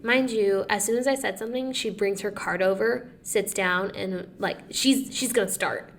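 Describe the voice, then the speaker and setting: Young woman with a gravelly, fry-heavy voice and a mid-range pitch. She chats casually as a podcast co-host, spins out her story at length, drops "like" constantly and acts out every quote along the way. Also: normal speed, slight background noise. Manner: animated storyteller who acts out quotes, says "like" often.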